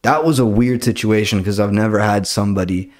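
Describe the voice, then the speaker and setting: A laid-back young man with a fairly low voice tells work stories on a casual podcast. He swears freely and drops into quick voices for the people he argues with. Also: darkish tone. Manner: laid-back, swears a lot, retells arguments in quoted voices. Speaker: podcast host and comedy club door staff. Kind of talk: casual chat.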